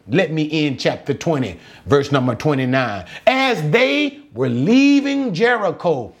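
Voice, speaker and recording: A man preaching a sermon, impassioned, repeating phrases and drawing out words for emphasis. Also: on the high side.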